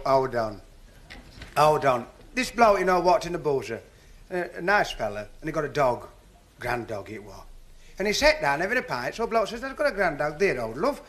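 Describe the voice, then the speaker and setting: Lively Northern English comedian, high voice. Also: male voice. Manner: chatty storyteller, folksy dialect. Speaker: stand-up comedian. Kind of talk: stand-up joke telling.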